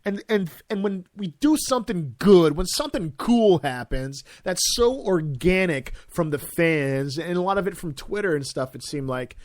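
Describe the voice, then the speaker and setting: Brief: man, a bit high-pitched, casual storytelling podcast co-host, dry close mic. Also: animated, moderate pace, few pauses, no room sound. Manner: loose storyteller, trailing off low. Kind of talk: casual sports talk.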